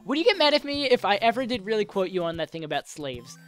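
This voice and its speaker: A young man with a high, fast voice and big pitch swings answers viewer questions while playing a game, soft music behind him. He's coming down with a cold and a sore throat, and he rambles, jokes and keeps interrupting himself.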